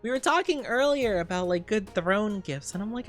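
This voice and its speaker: A woman's voice: mid-range voice, lively intonation, normal speed, faint music behind. A woman streamer chatting casually with her viewers in a gushing, bubbly way, full of cute slang and repeated well-wishes. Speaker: streamer reading chat. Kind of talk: casual livestream chat.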